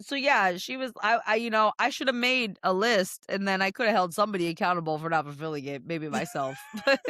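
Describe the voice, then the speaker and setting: A woman's voice: mid-range voice, a little fast, no room sound, clean studio sound. A woman co-hosting a casual comedy film review podcast, swearing freely and laughing as she tells the story. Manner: profane, laughing, animated storytelling. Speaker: podcast co-host.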